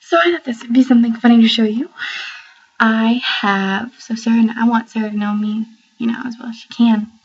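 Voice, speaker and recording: A woman's voice: a little high, steady tone, fairly quick, husky, highs cut off. A young woman filming an awkward, rambling video message at home. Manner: awkward, rambling, self-conscious. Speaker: vlogger. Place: family home, near the kitchen.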